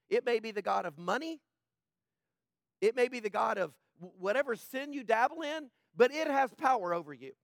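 A man preaching a sermon, animated, with stammered restarts and sudden drops to a low, quiet delivery. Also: creaky, no echo, clean studio sound. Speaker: pastor.

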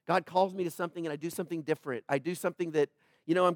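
High-voiced preacher, dry close sound. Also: male voice, steady tone, racing, no echo. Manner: conversational preaching, asks the congregation questions. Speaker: pastor. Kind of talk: sermon.

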